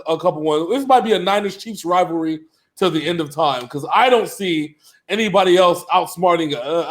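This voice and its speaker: A man in his thirties co-hosting a casual sports show, loud, laughing and swearing often. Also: high-pitched. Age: 30s. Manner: loud, laughing, profane trash talk. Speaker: co-host. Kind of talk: casual sports podcast banter. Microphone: remote call.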